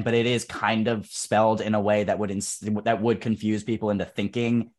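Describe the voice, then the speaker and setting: Young man, low voice, casual podcast chat, joking, rambling. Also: level tone, a little fast, hardly any pauses, darkish tone. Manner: joking, rambling storyteller who laughs often. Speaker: podcast co-host.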